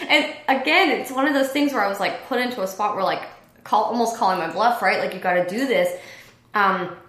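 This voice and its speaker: A woman's voice: medium pitch, a little fast. A woman who used to teach, telling a personal story in a casual interview and acting out the voices of others. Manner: animated, acts out quoted dialogue. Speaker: former teacher, business owner. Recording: echoey room.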